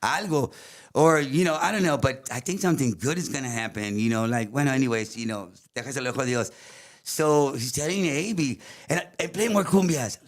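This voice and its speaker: A man. He is a guest musician telling stories in casual chat. He talks in an animated way, switches between English and Spanish and laughs often. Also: medium pitch, fairly quick. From South Texas. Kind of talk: casual storytelling.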